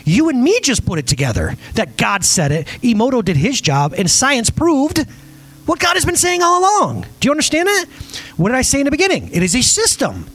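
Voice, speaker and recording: Husky-voiced animated male preacher. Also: high voice. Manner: emphatic, animated preaching to a congregation, asking the crowd questions. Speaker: pastor. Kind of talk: sermon. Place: church service before a live audience.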